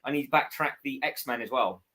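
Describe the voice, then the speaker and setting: A man's voice: medium pitch, fairly quick, pushed and bright. A man joining a livestream as a guest on a video-call mic, jokey and self-mocking. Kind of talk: casual chat on a livestream.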